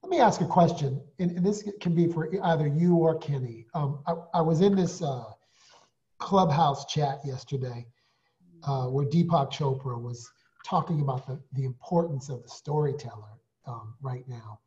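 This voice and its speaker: A man's voice: fairly high pitch, moderate pace, warm tone. Hesitant male co-host on a muffled video call. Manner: hesitant, with many fillers and restarts. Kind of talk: hosting a panel discussion.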